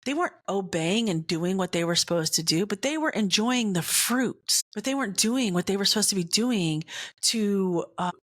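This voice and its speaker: Her mid-range voice moves at a moderate pace as this podcast host shares a candid personal story. She comes across animated and blunt, with casual swearing and frequent "right?" check-ins.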